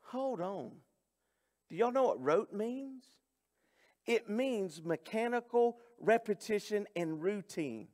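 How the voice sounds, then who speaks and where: A man's voice: sits high, lively intonation, slow pace, darkish tone. A man preaching a sermon, talking in a folksy, conversational way straight to his congregation. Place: church sanctuary. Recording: long church hall reverb.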